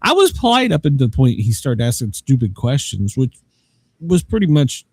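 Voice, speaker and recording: A man's voice: mid-range voice, huge pitch swings, moderate pace, darkish tone. A man hosting a podcast, chatting casually, rambling and joking with frequent laughs. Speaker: podcast host. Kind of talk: casual chat.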